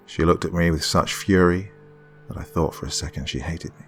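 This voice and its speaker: A man with a very deep, low voice reads a scripted first-person horror story, his intonation fairly even. He speaks in a measured, tense way, at times dropping to a hush, with faint music playing underneath.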